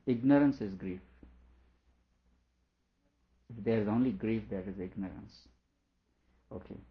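Low-voiced man explaining scripture. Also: fairly quick. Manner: repeats questions aloud, then explains patiently. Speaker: teacher. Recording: dull lo-fi recording.

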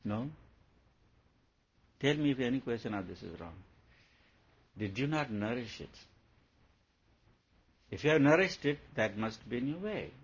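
A man delivers a spiritual discourse in a husky voice, pressing his listeners with rhetorical questions before slipping into playful stories. The recording is dull and lo-fi, with the highs rolled off. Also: lively intonation, moderate pace, pauses often. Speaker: spiritual teacher.

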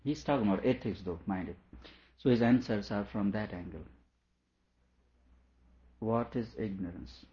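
A male teacher giving an explanatory lecture on a scripture, repeating each question aloud before patiently explaining it, with quiet chuckles along the way. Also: fairly low pitch, normal speed, long pauses. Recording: dull lo-fi recording.

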